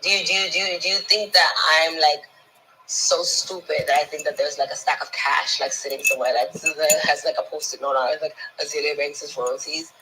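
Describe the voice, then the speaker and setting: A woman's voice: deep voice, fairly even intonation, fairly quick, background noise. A woman, ranting scornfully at someone, swearing constantly and stumbling over repeated words when she gets heated. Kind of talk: profane ranting monologue.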